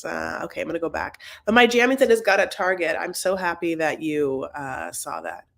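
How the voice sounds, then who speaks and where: A woman, hosting a casual live-stream recap, chatty and animated, calling viewers honey as she reads the chat. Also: sits low, fairly quick, gravelly.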